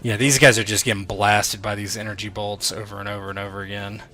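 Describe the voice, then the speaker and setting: A man's voice: lowish voice, flat delivery, fast, pushed and bright, soft background music. A man narrating as game master of a tabletop role-playing game, in a loose, rambling way, often correcting himself.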